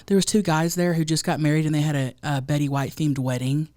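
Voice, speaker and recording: A loud woman in her thirties with a slightly low voice, telling a story in casual podcast chat. She drops into quick impressions of the people she quotes. The sound is dry and close, with no room around it. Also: fairly even intonation, no echo. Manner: storytelling, quoting others in put-on voices. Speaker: podcast co-host.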